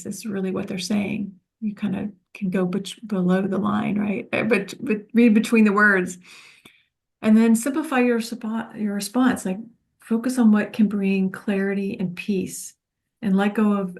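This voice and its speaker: Woman, spiritual self-help teacher, soothing, reflective, flat even pitch. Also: moderate pace, creaky. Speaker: course facilitator.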